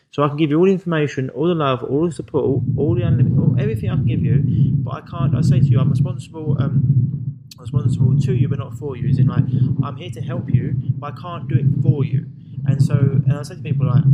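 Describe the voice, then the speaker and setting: A man talks at a quick clip with a gravelly, creaky edge to his voice. he is the podcast host, telling stories about his coaching clients in a relaxed conversational way. he acts out their lines as he goes. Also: mid-range voice, dull audio. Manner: animated storyteller acting out client quotes.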